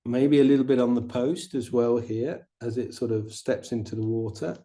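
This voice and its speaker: A middle-aged man teaching watercolor painting, chatting in a relaxed way and explaining each step as he paints. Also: medium pitch, moderate pace. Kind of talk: painting demonstration.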